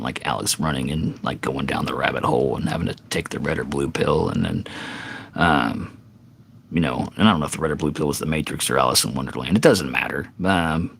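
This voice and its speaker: A man's voice: rumbling low, creaky, breathy edge. A middle-aged man, out of breath, giving rambling, earnest advice in a casual live-stream chat between songs. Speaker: singer-songwriter streamer.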